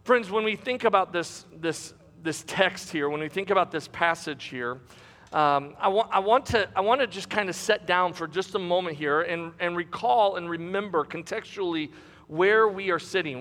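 A man's voice: high-pitched, normal speed, a bit bright, big-room sound. A man preaching a sermon, reading scripture aloud with emphasis and turning aside to address the congregation.

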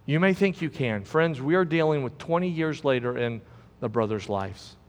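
A man's voice: mid-range voice, expressive, moderate pace, long reverb tail. A man preaching a sermon as pastor, emphatic and repeating key words for stress.

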